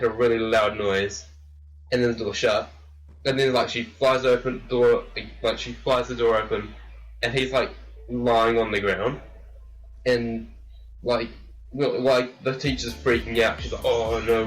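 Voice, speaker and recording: A man's voice: medium pitch, steady tone, a little slow. A teenage man casually telling a story as a vlogger, rambling with lots of "like" fillers. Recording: distant mic with faint music.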